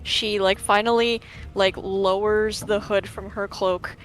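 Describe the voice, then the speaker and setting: A woman's voice: mid-range voice, little pitch movement, unhurried, a little hiss or hum, poor audio. A young woman playing a tabletop game, describing her character casually with fillers. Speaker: player.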